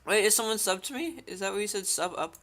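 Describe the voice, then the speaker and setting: A woman's voice: mid-range voice, fast talker, a bit bright, soft background music. A woman livestreaming a game, chatting with her viewers and laughing often. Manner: giggly, chatty, talks to chat. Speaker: streamer. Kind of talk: livestream gameplay commentary.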